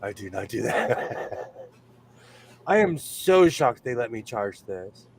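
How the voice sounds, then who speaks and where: A man's voice: mid-range voice, very animated, takes it slowly, slightly rough. A man from California hosting a sewing livestream, chatting casually, laughing often and reading the chat aloud.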